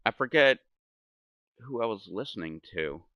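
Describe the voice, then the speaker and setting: Fairly low in pitch, expressive, a bit bright and a little slow, a middle-aged US streamer chats while gaming at home. He rambles, drops swear words, and laughs at his own stories; the recording is dry.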